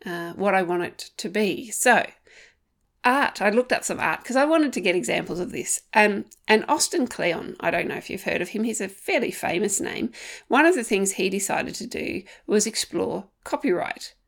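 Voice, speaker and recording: A woman's voice: medium pitch, moderate pace, creaky. Chatty woman writer. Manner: chatty, animated, self-deprecating with laughs. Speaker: guest, writer. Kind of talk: casual interview chat.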